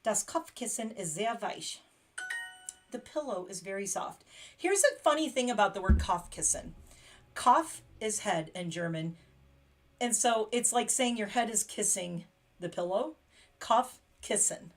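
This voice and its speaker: A woman's voice: mid-range voice, animated, normal speed. A woman from the United States hosting a casual late-night livestream chat. She talks in a chatty way, laughs often and reads short practice phrases aloud. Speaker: livestream host.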